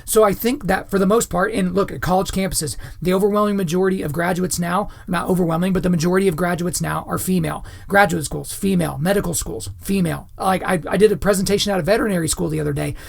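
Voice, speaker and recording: A man's voice: high-pitched, fairly even intonation, quick pace, vocal fry, few pauses. A man hosting a podcast, giving opinionated commentary in a lecturing way, often checking in with his listeners. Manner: lecturing, keeps checking in with "right?" and "okay?". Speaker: podcast host.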